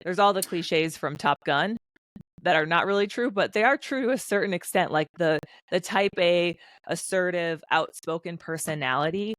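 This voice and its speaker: A woman in her thirties, a former fighter pilot, chatting as a podcast guest in an animated storytelling way, acting out quotes. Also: lowish voice, dry recording. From United States. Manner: animated storyteller, quick bursts, acts out quotes. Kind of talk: casual interview conversation.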